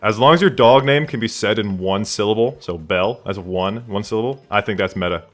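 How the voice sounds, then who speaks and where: A man's voice: lowish voice, brisk, a bit bright, faint music behind. Rambling male game streamer chatting with viewers. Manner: rambling, answers chat questions aloud. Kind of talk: casual live game stream chat. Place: his room at home.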